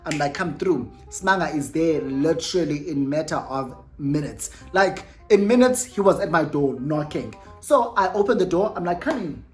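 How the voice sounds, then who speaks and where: A woman's voice: low voice, moderate pace, hardly any pauses, faint music behind. A young South African woman telling a casual storytime vlog, chatty and self-correcting, slipping in Xhosa words. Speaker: YouTuber.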